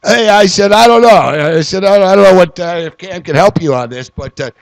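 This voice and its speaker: A man with a high, gravelly voice tells rambling stories in loose podcast banter. He swears freely and laughs often between lines. The talk is relaxed and unscripted. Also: a little fast, dry recording. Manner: profane, laughing storyteller. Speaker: podcast co-host. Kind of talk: casual chat. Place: Toronto.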